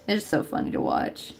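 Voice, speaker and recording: A woman's voice: a little mellow, slight background noise. Chatty Southern woman crafting on stream. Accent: Southern American. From Tennessee, US. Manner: chatty and rambling, lots of "like" and laughs. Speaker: crochet livestream host. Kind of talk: casual livestream chat while crafting.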